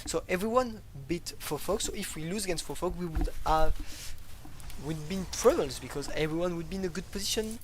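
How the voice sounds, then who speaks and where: A man's voice: high voice, a little fast. Chatty man casting a live game. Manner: chatty, hesitant with many fillers, laughs. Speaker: esports caster. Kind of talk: casual live game commentary. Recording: faint background noise.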